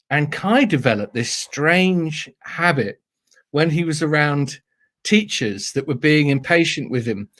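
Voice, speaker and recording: A British man, a storyteller, telling funny anecdotes in a playful, animated way during a casual interview. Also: a little high. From Britain. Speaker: storyteller guest.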